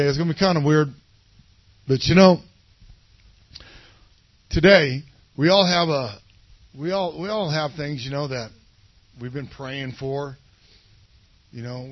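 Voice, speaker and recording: A man's voice: fairly high pitch, highs cut off. Rambling, conversational male pastor. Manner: conversational, rambling, asks for agreement. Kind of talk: casual sermon.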